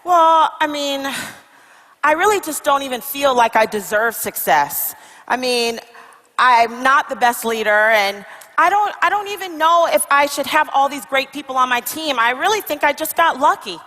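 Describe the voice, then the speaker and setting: A woman plays a weary traveler who talks in halting, confessional bursts of self-doubt. Her voice is high and bright, and a long reverb trails after it in this motivational comedy skit. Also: lively intonation. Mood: doubtful.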